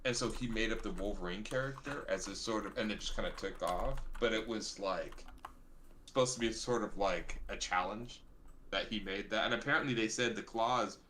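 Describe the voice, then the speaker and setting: Forceful-voiced man recounting comic history. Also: on the low side, slight background noise. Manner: rambling, reminiscing storyteller. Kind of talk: casual chat.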